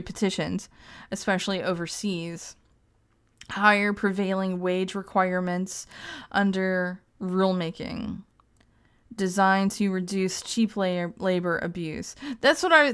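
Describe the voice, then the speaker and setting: A woman streamer reads text aloud during casual live-stream commentary, breaking off for crude, joking asides and laughing often. Her mid-range voice is clear with a resonant tone.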